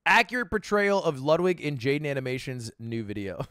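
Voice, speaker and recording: A man in his twenties talks through a video in loose, rambling reaction commentary. He laughs easily and fills his speech with "like". His voice sits fairly high and swings widely in pitch, and the recording is dry and close. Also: brisk, clear, resonant tone, no echo. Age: 20s. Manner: animated, laughing, filler-heavy rambling.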